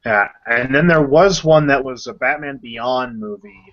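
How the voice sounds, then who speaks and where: A man co-hosting a casual podcast chat, talking with enthusiasm and acting out scenes in quick voices. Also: medium pitch, animated. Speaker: podcast co-host. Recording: dull lo-fi podcast audio.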